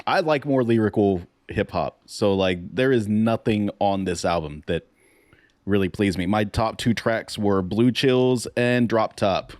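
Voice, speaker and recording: A man's voice: lowish voice, a little slow, darkish tone, no room sound, clean studio sound. A man co-hosting a casual music podcast, giving blunt opinions with hesitant restarts. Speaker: podcast co-host. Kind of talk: casual chat.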